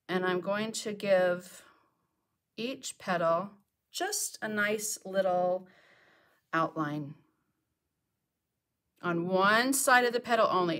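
Working in her home art studio, a middle-aged woman chats through a live painting lesson and talks to herself as she goes. Her voice sits in the mid-range and sounds a bit bright.

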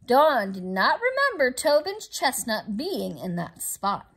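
Slow, expressive woman reading a storybook. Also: fairly high pitch, slightly rough. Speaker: children's story reader. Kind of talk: storybook read-aloud.

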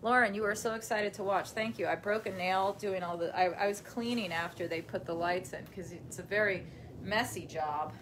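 A woman's voice: mid-range voice, moderate pace, fairly bright tone, a little hiss or hum. A chatty woman live streaming from her home as she folds laundry. She rambles loosely from one thought to the next and laughs often. Now and then she breaks off to talk to her dog. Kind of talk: casual live-stream chat. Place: at home while folding laundry.

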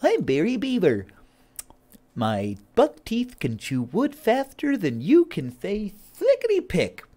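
A man voicing a boastful, lisping, buck-toothed cartoon beaver in a high, put-on voice. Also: wildly swooping pitch, takes it slowly, mellow, heavily acted. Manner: lisping, boastful, sing-song.

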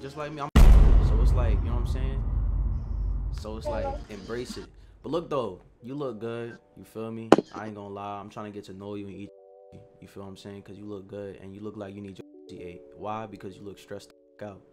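A man's voice: on the low side, steady tone, brisk, loud music behind the voice. Brash slangy New guy, 19. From Queens, New York. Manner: brash, slangy, flirting cockily. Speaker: streamer chatting with strangers. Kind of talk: casual video-chat banter.

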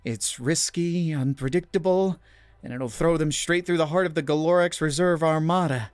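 A man voicing a brilliant, rebellious woman astrophysicist who talks with buzzing, manic excitement. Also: on the high side, moderate pace, no echo, pitched above the performer's own voice, natural voice.

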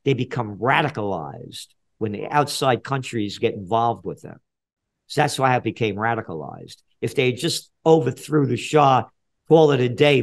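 Bluntly and with plenty of profanity, a Bronx man in his seventies with a New York accent talks as a guest on a podcast interview. He is a trend forecaster whose voice sinks low and then turns loud.

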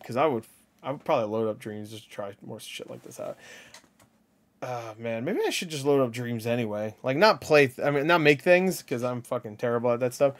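A man hosting a casual reaction video, talking excitably, swearing and laughing at what he sees. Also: medium pitch, brisk. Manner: excitable, swears often, laughs and yelps at jump scares.

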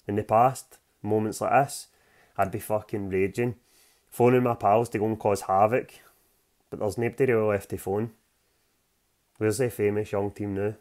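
Scottish guy reading his own book, gritty, plain-spoken, bit low. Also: steady tone, normal speed, pauses often, a little mellow. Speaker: author.

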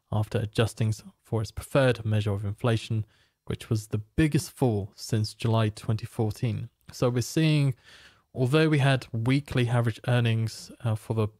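A man presenting a financial market preview, walking through economic data in a steady, explanatory way. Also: medium pitch, dry recording, studio quality. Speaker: market analyst.

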